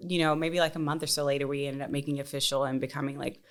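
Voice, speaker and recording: A woman's voice: a bass voice, steady tone, rapid-fire. A woman, co-hosting a casual podcast chat and telling rambling stories in which she quotes people. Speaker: podcast co-host.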